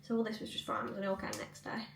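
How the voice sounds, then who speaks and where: A woman's voice: mid-range voice, level tone, very fast, vocal fry, echoey room, far from the mic, slight background noise. A young woman vlogging in casual chat at home, rambling, with lots of likes and ums. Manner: chatty, rambling, many fillers. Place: cluttered home room.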